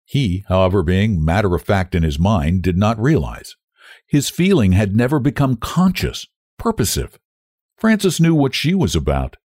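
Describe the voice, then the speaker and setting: A man reading a novel aloud in measured, expressive storytelling. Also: low-pitched, no echo, clean studio sound. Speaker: audiobook narrator. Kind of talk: scripted narration of a novel.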